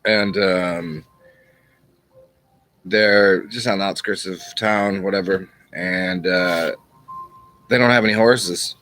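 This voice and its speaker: Male channel host, low-ish voice, rambling casual storyteller. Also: fairly even intonation, a bit bright. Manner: rambling and unhurried, with restarts and chuckles. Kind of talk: casual spoken teaching and storytelling.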